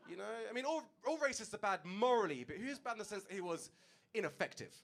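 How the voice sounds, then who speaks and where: A young man doing a stand-up comedy set on stage, telling a story with animated delivery and acted-out dialogue. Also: high-pitched, quick pace. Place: comedy stage before an audience.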